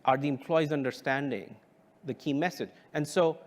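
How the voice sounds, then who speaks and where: A man giving a keynote as a company founder. He speaks in a measured, emphatic way with deliberate pauses. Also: fairly high pitch. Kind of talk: keynote presentation.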